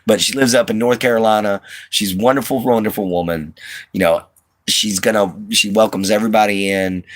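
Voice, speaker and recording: A livestream host from the Southern US, he rambles comfortably to viewers from inside an RV with a slight twang, stumbling through fillers and restarts. He talks fairly quickly in a lowish voice with a steady tone. There's no room sound.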